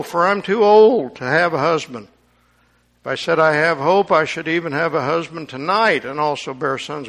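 Gravelly, bright-voiced preaching man. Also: a little high. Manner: reads scripture aloud, then comments with rising, preaching emphasis. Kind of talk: sermon.

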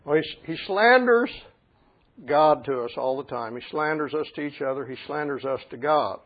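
A man preaching a sermon as a pastor, shifting between quiet storytelling and loud, emphatic passages. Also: fairly high pitch, lively intonation, moderate pace. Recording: tinny phone-like sound.

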